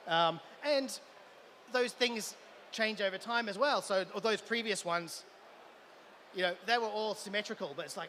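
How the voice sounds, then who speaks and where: An Australian man speaks at a conference with eager enthusiasm, tripping over restarts as his ideas run ahead of him. His voice sits high and bright. Faint event ambience hums behind him. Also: moderate pace, slight background noise. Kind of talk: live conference talk. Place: event hall.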